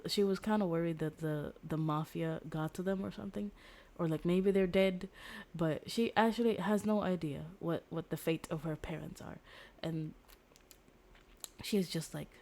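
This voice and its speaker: A woman's voice: lowish voice, normal speed, darkish tone. A young woman streamer casually retelling a book's story, rambling with lots of fillers and restarts. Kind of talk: casual storytelling recap of a book.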